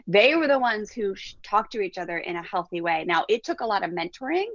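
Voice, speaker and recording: Woman in her forties, parenting coach guest, storytelling, gravelly, dry close sound. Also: mid-range voice, a little fast, no room sound. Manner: animated, acts out quotes in different voices. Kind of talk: casual interview storytelling. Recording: dull dry lo-fi recording.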